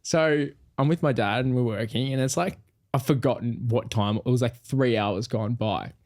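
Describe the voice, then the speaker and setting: A man's voice: mid-range voice, normal speed, darkish tone. A young man, a podcast co-host telling a story casually and animatedly, acting out quoted voices.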